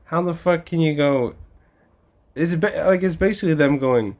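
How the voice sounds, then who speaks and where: A man's voice: on the high side, unhurried, pauses often, darkish tone. Foul-mouthed man ranting and laughing. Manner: swears constantly, laughs between rants; mimics other people in quoted voices. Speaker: vlogger. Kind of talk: profane ranting monologue.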